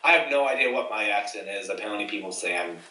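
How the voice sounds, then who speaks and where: A man co-hosting a casual movie chat, animated and joking around. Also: fairly low pitch, fast talker. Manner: animated, jokey. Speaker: co-host. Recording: roomy echo, mic far off.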